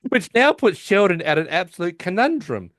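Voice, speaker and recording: A man with a lively, swooping delivery hosts a casual recap podcast, slipping into quick voiced quotes as he retells each scene. The sound is dry and close. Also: high-pitched, no room sound. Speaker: podcast host.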